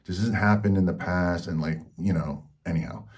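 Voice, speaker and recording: A man's voice: low voice, moderate pace, a little mellow, slightly rough. A man hosting a health channel, telling a personal story in a frank, rambling way with lots of fillers.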